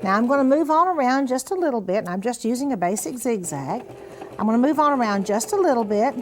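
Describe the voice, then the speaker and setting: A woman's voice: a little high, lively intonation, fast talker, a little hiss or hum. An older woman hosting a sewing show, demonstrating steps in a folksy, encouraging way. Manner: chatty, folksy, encouraging, says "honey" and "now then".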